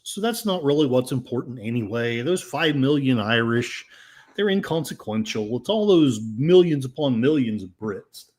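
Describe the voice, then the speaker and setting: An older man hosting a podcast, reading headlines aloud and commenting with sarcasm and many fillers. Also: a little high. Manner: sarcastic, rambling, with frequent fillers. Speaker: podcast host.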